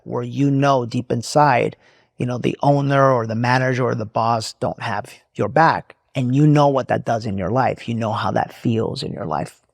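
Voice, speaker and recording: A man's voice: mid-range voice, gravelly, a little mellow, no echo, clean studio sound. A man hosting a show, telling a motivational story with emphasis, repeating his phrases and speaking straight to his listeners. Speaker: host.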